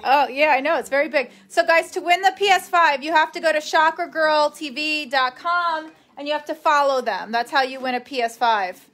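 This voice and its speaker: A woman's voice: high-pitched, normal speed, few pauses, a bit bright. A young woman live-streaming in casual chat, rambling along and reading viewer comments aloud.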